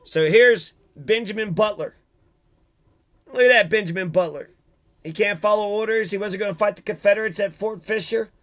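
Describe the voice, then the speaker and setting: Sarcastic guy ranting about history, high bright voice, swears a lot. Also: normal speed. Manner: irreverent, sarcastic, swears freely, reads quotes aloud. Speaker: history channel host. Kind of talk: casual history commentary.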